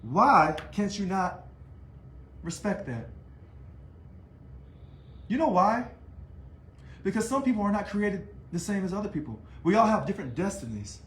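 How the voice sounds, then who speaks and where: A man talking to camera in a casual video monologue about his union work, animated and taunting, full of rhetorical questions. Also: high-pitched, measured pace, long pauses. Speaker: union leader. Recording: echoey room.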